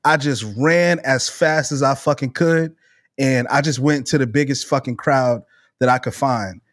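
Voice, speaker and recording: A man around thirty tells a story in loose, casual podcast chat. He is animated and swears freely, slipping into the voices of the people in his story. His voice sits at a middling pitch, and the sound is close and dry. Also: no room sound. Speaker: podcast co-host.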